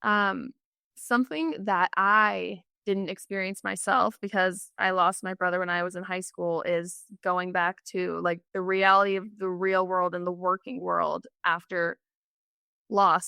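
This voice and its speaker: Female interview host, bright gravelly voice, gentle and reflective. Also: fairly low pitch, no echo, clean studio sound. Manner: gentle, reflective, with soft fillers. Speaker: podcast host. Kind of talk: empathetic interview questions.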